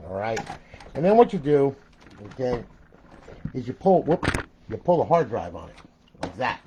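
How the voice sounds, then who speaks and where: Chatty older man, faint noise. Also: on the low side. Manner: rambling and chatty, peppers lines with "okay?" and "all right", swears. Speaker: console modder showing a build. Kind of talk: casual tutorial walkthrough.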